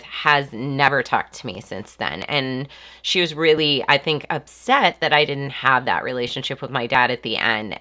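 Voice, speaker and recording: A woman's voice: a bass voice, sharp tone. A woman in her forties with a stuffy, congested voice, hosting a live stream and talking in a casual, reflective way with lots of ums and restarts. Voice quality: nasal. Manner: hesitant, many ums and restarts.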